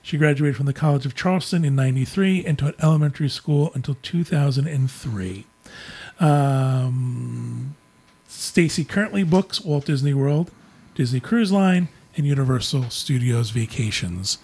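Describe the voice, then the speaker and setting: A man with a husky voice hosts a relaxed travel podcast panel. He talks casually and at an easy pace, thanking listeners as he closes the show. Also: mid-range voice, moderate pace. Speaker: podcast host.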